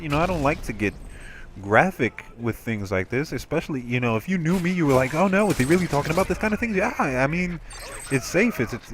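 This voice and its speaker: A man telling a rambling story in casual gameplay commentary, animated and full of restarts. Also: a little high, a little hiss or hum.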